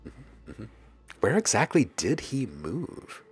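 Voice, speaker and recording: A man's voice: medium pitch, big pitch swings, slow, husky. A man hosting a casual live stream about making music, joking with his chat, reading their messages aloud and laughing often. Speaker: livestream host and music producer.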